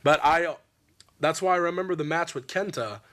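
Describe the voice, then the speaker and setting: A man's voice: a little high, normal speed, a bit bright. A man interviewing a friend, telling long rambling stories bluntly and swearing freely. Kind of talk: candid interview conversation.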